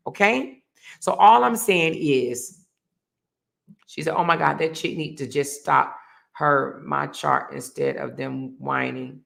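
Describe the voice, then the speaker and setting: Gravelly, bright-voiced woman ranting. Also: on the low side. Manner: heated, blunt, profane, repeats her points. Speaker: livestream host. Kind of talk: casual livestream rant.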